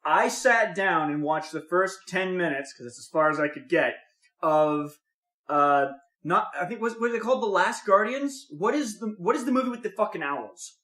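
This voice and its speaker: A young man on a podcast, telling a long story in casual chat with lots of swearing, animated and acting out what people said. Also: sits high, normal speed, echoey room. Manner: profane, animated storytelling with voiced reactions. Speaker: podcast co-host.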